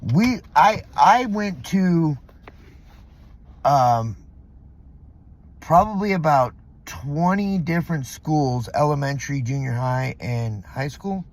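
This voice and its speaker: Middle-aged man, slightly raised pitch, loose profane vlog rant packed with fillers. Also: lively intonation, slow, pauses often. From Southern California. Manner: rambling, profane, heavy use of fillers. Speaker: vlogger. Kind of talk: casual vlog monologue. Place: parking lot.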